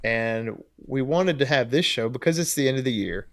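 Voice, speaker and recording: A man with an ordinary mid-range voice co-hosts a relaxed podcast. He rambles easily, restarts his sentences and often breaks into laughter. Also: medium pitch, moderate pace. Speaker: podcast co-host. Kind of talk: casual chat.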